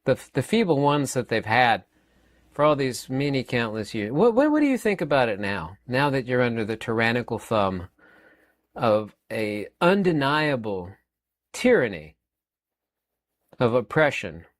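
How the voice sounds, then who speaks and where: A man's voice: medium pitch, sing-song, measured pace. A man in his fifties giving a rambling, emphatic opinion monologue as a channel host, often repeating words and using fillers. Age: 50s.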